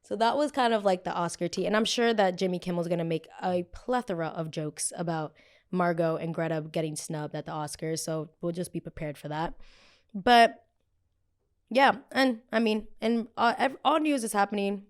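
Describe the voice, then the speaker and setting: Young woman podcast host, slightly low voice, casual chatty recap full of excited asides. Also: normal speed. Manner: chatty and animated, many fillers and sudden excited exclamations. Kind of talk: casual solo pop culture recap.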